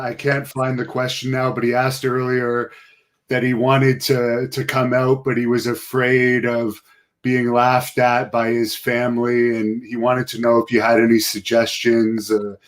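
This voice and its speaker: Male host, monotone, matter-of-fact, reads viewer questions. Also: mid-range voice. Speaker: host reading fan questions. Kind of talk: casual live-stream interview.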